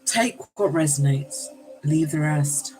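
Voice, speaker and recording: A tarot reader with a deep, slightly mellow voice takes her time during a live reading, soft music playing over a rough recording. Affectionate toward her audience, she calls them darlings while exclaiming, cursing and saying sorry.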